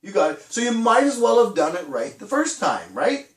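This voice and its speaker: A middle-aged man with a high, lively voice tells a children's church story in a chatty way, popping into little character voices and laughing along. He sounds a bit far from the mic, in an echoey room. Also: moderate pace. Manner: chatty and animated, acts out voices, laughs often.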